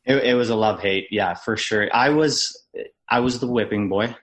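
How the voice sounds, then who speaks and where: A man's voice: lowish voice, normal speed. A man in his thirties from Canada, a former hockey player telling stories on a podcast and swearing freely. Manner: animated storyteller, mimics yelling coaches, swears freely. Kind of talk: casual storytelling on a podcast.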